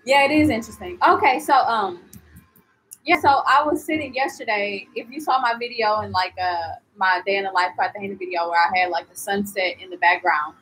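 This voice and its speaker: A young woman chatting casually in a live-stream travel vlog, animated and full of "like" and "you know", answering viewers as she goes. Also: medium pitch, brisk, slight background noise, rough recording. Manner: reads and answers viewer comments. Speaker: travel vlogger.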